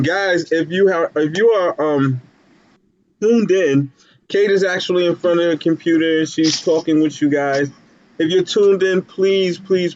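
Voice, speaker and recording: A man with a fairly high, slightly mellow voice co-hosts a casual live stream over a video call. He rambles with many fillers and restarts, and the dull, lo-fi call audio muffles the sound.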